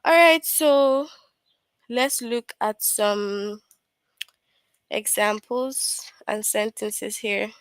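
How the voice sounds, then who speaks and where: A woman's voice: mid-range voice, extremely slow, long pauses, clean tone, no room sound. A young woman teaching a grammar lesson to young children, patiently repeating points and asking questions she then answers herself.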